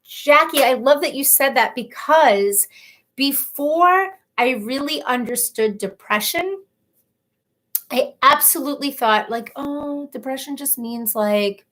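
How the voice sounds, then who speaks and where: A woman's voice: high voice, slow, a bit bright. A woman in her thirties hosting a casual live stream, reading viewers' comments aloud and talking openly and emotionally. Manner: chatty, emotional, openly personal. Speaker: livestream host.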